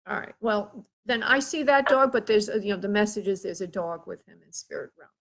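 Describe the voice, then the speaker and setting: A woman hosting a live psychic reading, speaking haltingly with many pauses and calling the caller by endearments. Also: medium pitch, fairly bright tone, low-quality recording. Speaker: psychic medium host.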